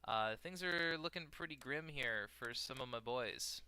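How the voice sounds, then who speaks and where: A man giving casual, rambling gameplay commentary, joking with his opponent and filling pauses with lots of "uh". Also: mid-range voice, sharp tone, smooth, dry recording. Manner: rambling, joking banter with frequent fillers. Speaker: multiplayer strategy game player and co-host.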